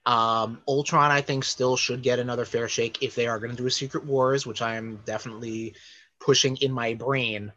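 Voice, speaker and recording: A man's voice: medium pitch, moderate pace, dull audio. A man co-hosting a casual podcast, rambling with lots of fillers as he talks about films and comics. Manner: rambling, many fillers, animated. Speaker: podcast co-host.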